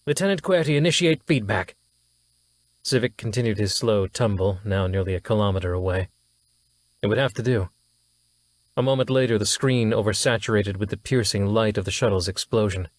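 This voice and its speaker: A man narrating a science fiction audiobook in a steady, even storytelling manner. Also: on the low side, brisk, no echo. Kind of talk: scripted narration.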